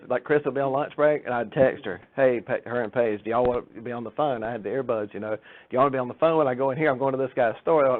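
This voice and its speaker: A man's voice: medium pitch, rapid-fire. A man giving an informal church talk, chatty and joking, acting out the people in his stories. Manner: chatty storytelling with jokes and acted-out quotes. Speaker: church speaker. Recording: tinny phone-like sound.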